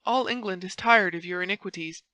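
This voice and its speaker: A woman's voice: fairly high pitch, moderate pace, a bit bright, dry recording, voice pushed up, close to an everyday voice. A woman voicing a fervent young male officer who pleads insistently and grows impassioned. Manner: impassioned, insistent, rising intensity.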